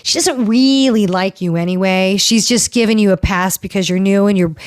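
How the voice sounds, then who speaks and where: A woman hosts a casual reality-TV recap podcast in a mid-range voice, recorded dry with clean studio sound. Blunt and opinionated, she swears freely and talks straight to the cast members, scolding them as though they could hear her.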